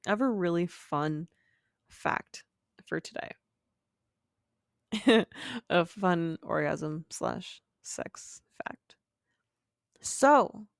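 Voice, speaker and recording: Slow, gravelly Southern woman chatting. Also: medium pitch, no room sound, studio quality. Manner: rambling, crude and giggly. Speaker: podcast host. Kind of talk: casual solo podcast chat.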